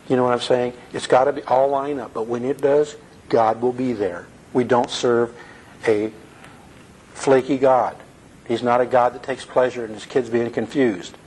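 A man's voice: mid-range voice, darkish tone, slight background noise, poor audio. A man giving a conversational sermon, earnest, often asking his listeners questions. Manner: earnest, asks the audience questions. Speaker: preacher.

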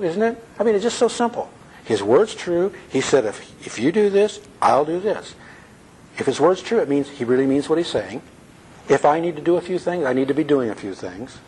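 A man's voice: mid-range voice, low-quality recording. Earnest man preaching, light hiss. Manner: earnest, asks the audience questions. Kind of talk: conversational sermon.

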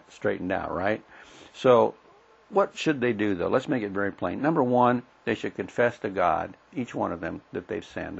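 A middle-aged man leads a Bible study in a folksy, plain-spoken way, acting out little conversations as he goes. His low voice is gravelly and husky. The recording sounds dull and lo-fi. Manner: folksy, plain-spoken, acts out everyday dialogue. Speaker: Bible teacher.

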